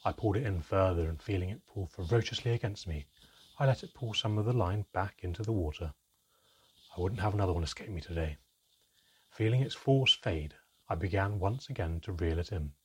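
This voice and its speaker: A man reading a story aloud in measured, even scripted narration. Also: low-pitched, a little hiss or hum. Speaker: audiobook narrator.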